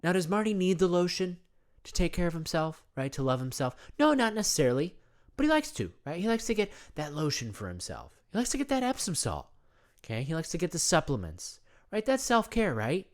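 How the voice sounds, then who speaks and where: In a comedy monologue, a man plays a self-absorbed self-care guru who rambles, repeats himself, and refers to himself in the third person, all earnest and soothing. His voice sits high, moves briskly, and swoops wildly in pitch.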